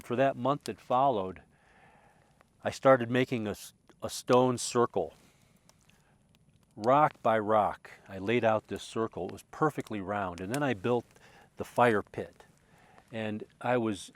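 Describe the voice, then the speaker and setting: A man telling a reflective personal story, earnest and emotional, moving from loud passionate recollection to quiet hushed tones and often repeating words as he restarts. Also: mid-range voice, dry recording. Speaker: spiritual speaker.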